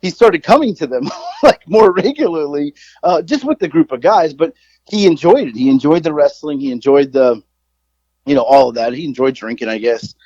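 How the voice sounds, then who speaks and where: A man's voice: on the high side, lively intonation, normal speed, warm tone, dry recording, lo-fi sound. Rambling, swearing man telling a story. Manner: rambling, profane, self-mocking. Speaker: podcast co-host. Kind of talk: casual storytelling.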